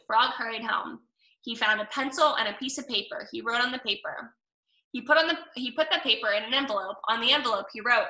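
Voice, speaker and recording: A woman reads a children's storybook aloud, clear, steady and gentle, her voice a little high and her pace a little fast. She's in a roomy space with the mic set at a distance.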